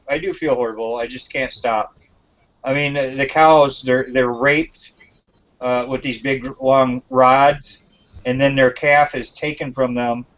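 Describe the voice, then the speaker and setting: A man's voice: mid-range voice, muffled recording. A man speaking in an earnest, confessional way in a casual group chat. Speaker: panelist.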